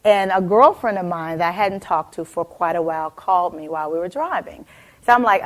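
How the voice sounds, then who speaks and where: Lively lady motivational speaker telling a story onstage, talks to folks in the crowd by name. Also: fairly low pitch, fairly quick. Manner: animated storytelling, addresses audience members by name. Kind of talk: keynote talk to a live audience.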